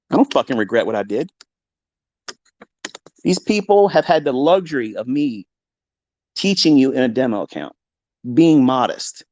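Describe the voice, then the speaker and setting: A man's voice: a little high, dry recording. Profane, blunt middle-aged man ranting. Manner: profane, blunt, swings into heated yelling. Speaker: trading mentor. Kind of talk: unfiltered live audio-room rant. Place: home basement.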